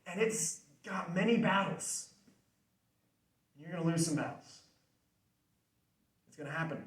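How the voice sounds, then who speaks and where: A man's voice: a little high, unhurried, recorded from a distance. Earnest young man speaking in a roomy hall. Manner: earnest, conversational, repeats key phrases. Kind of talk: faith-based motivational talk. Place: student center hall.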